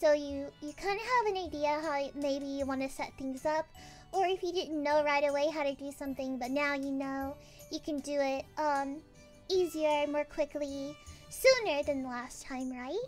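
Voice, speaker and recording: A woman streaming a game and chatting casually with viewers, bubbly and excitable, rambling with exclamations. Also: high voice, moderate pace, faint music behind. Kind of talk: casual livestream chat while gaming.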